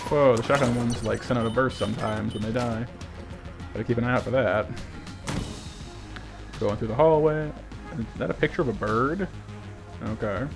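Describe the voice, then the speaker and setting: A man's voice: mid-range voice, moderate pace, vocal fry, pauses often. A man giving casual, chatty let's-play commentary, thinking aloud and poking fun at himself. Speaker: gaming YouTuber. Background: game music.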